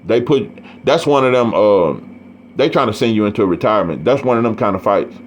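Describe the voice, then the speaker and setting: A man's voice: on the low side, expressive, brisk, a little hiss or hum. Profane East Texas man ranting. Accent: East Texas Southern US. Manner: blunt, profane, heated, repeats himself. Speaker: boxing commentator. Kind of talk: ranting monologue.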